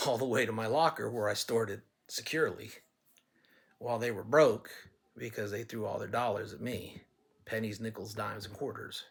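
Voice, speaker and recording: A man with an ordinary, mid-height voice talks straight to the listener. He pitches himself in a blunt, folksy manner and slips into storytelling to make his case. His delivery is casual and conversational. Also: fairly bright tone, breathy edge. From California. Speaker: political candidate. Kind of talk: campaign talk to listeners.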